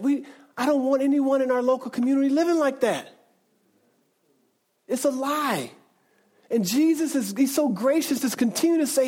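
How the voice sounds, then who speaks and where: A man's voice: very high-pitched, animated, moderate pace, pauses often, darkish tone. A man preaching a sermon as a pastor, talking conversationally with frequent restarts and asides to the congregation.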